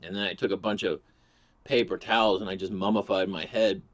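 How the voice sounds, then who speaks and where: A man with a fairly low voice tells a comic story to camera in a casual, rambling way. He swears freely and keeps the delivery crude and loose. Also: steady tone, fairly quick. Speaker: host.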